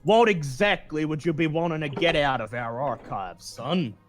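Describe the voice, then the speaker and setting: A man voicing a gruff, overweight middle-aged male newspaper boss in a tabletop game, drawling and condescending. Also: a little high, normal speed, faint music behind, lightly acted.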